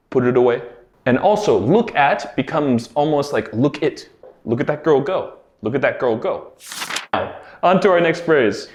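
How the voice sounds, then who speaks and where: A man teaching everyday English phrases, explaining clearly and slowing down to model each one. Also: mid-range voice, expressive, darkish tone. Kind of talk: English pronunciation lesson. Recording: roomy echo.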